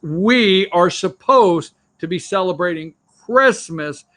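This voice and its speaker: A man's voice: high voice, expressive, slow pace, a bit bright. A man hosting a political opinion show, ranting sarcastically about the news from an office. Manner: ranting, sarcastic, repeats himself.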